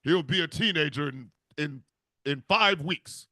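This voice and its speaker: Guy doing a big bossy devil voice, solemn commands, sharp and dry. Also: fairly high pitch, a little slow, dry recording. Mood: commanding. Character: booming devil, father of the Antichrist.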